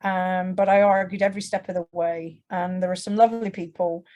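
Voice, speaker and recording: A woman's voice: lowish voice, flat delivery, a little fast, mellow, dull audio. A young English woman telling her testimony to a church audience in a conversational way, with frequent restarts and acted-out quotes. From England. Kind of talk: personal testimony told to an audience.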